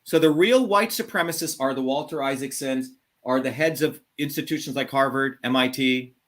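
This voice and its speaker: This middle-aged call-in host rants bluntly at normal speed, cursing and leaning hard on his words in a heated monologue. His mid-range voice has a slightly bright quality.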